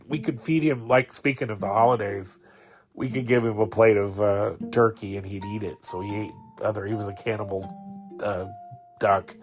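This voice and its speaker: A man in his fifties hosting a podcast, telling a personal story in a rambling, fond way, with many fillers and laughs. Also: lowish voice. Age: 50s. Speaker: podcast host.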